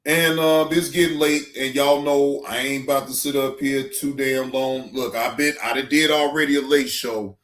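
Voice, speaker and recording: A man's voice: medium pitch, little pitch movement, moderate pace, few pauses, a bit bright, echoey room. A man hosting a livestream in casual chat, rambling loosely with slang and swearing as he talks to his chat. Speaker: livestream reaction host.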